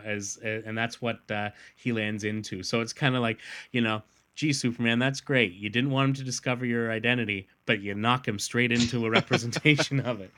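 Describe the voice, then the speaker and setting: A man with a medium-pitched, sharp-toned voice casually retells a comic book story on his podcast. He acts out the characters' lines in put-on voices and laughs often.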